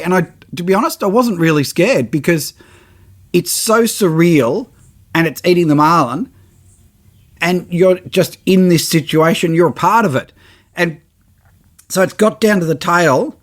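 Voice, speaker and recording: A middle-aged man hosting a podcast, telling a story with lively energy and acting out his own reactions and the quotes of others. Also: fairly high pitch. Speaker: podcast host, photographer. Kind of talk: animated storytelling.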